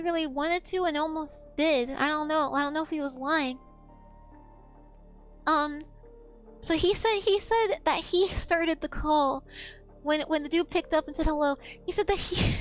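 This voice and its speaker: A woman's voice: very high voice, a bit bright. A woman streamer telling a story in a blunt, profane, rambling way. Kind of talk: casual storytelling on a gaming stream.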